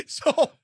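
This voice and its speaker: A man's voice: fairly bright tone, no room sound, clean studio sound. A man co-hosting a casual comedy podcast, laughing often and acting out silly voices. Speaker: podcast co-host. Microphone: studio mic.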